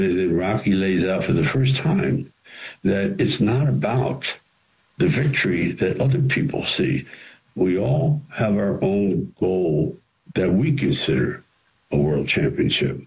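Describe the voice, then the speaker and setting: A man, an actor and screenwriter, telling studio stories as an interview guest in an animated way, with frequent restarts. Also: low-pitched, measured pace, rough recording. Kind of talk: anecdotal storytelling.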